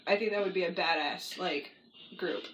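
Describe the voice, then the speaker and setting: A woman co-hosting a podcast in casual chat, opinionated and quick to react. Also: lowish voice, a bit bright, low-quality recording. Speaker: podcast co-host.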